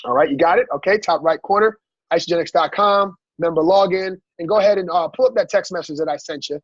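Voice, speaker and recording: High-voiced, husky man coaching his team. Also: fast talker, dry recording. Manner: energetic, repeats "right?" often, acts out dialogue. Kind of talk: motivational training talk. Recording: dull lo-fi sound.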